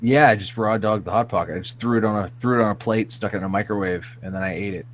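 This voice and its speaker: A man's voice: on the low side, fast talker, slight background noise. A man chatting casually as a podcast guest, laid-back and rambling with many fillers. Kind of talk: casual chat.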